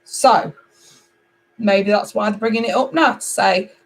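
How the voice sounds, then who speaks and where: A middle-aged woman from England reading tarot cards live, chatty and animated as she talks to viewers. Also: mid-range voice, a little slow, vocal fry, long pauses, rough recording. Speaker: tarot reader.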